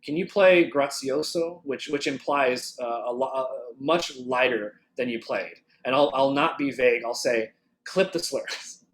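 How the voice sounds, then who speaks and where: Over a video call, a man leads a clarinet masterclass, thinking aloud with fillers and restarts. He sings phrases on nonsense syllables to demonstrate, speaking at a measured pace with a medium-pitched voice.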